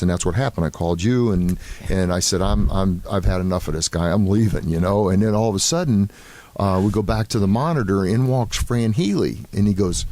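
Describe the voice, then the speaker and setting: An older man, a former ballplayer, telling relaxed stories in an interview with plenty of fillers and restarts. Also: deep voice. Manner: relaxed anecdotal storytelling with many fillers. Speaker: former baseball player, guest. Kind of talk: casual storytelling interview.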